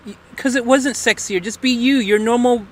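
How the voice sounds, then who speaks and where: A man's voice: very high voice, steady tone, moderate pace. A man hosting a livestream, chatting casually and teasing a voice chatbot in a rambling, playful way. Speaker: livestream host.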